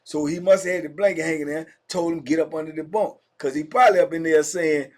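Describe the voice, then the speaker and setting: A middle-aged man spins a prison story in loose, slangy talk, calling out to his listeners as he goes. His voice sits noticeably high for a man. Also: fairly quick. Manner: animated, slangy, addresses listeners directly. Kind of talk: casual storytelling.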